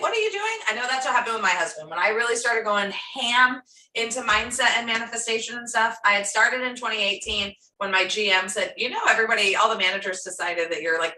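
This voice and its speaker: A woman coach talks casually through a workshop as an animated storyteller who acts out the people in her stories. Her voice is bright and forceful. The sound is roomy and comes from a mic placed at a distance. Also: medium pitch. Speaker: business coach.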